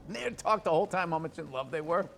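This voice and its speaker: A man's voice: on the high side, quick pace, gravelly, faint music behind. A man telling a story in casual chat as a podcast host, swearing often and acting out the people in it. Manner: profane, animated storyteller.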